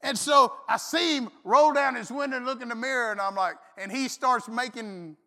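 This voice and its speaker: High-voiced preacher in a reverberant hall. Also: male voice, moderate pace. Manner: folksy, animated, shouts and laughs through stories. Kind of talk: sermon with storytelling.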